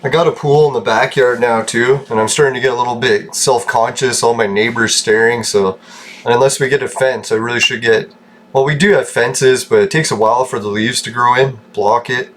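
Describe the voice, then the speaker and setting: A man's voice: mid-range voice, steady tone, brisk, fairly bright tone. A man from Canada giving rambling, casual commentary over gameplay, joking, swearing and laughing often. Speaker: gaming channel host.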